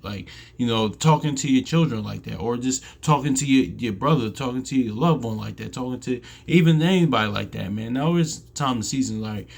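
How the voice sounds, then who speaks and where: A man giving a casual scripture teaching, reading verses aloud in a halting way, often restarting and ending phrases with "man". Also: medium pitch, creaky.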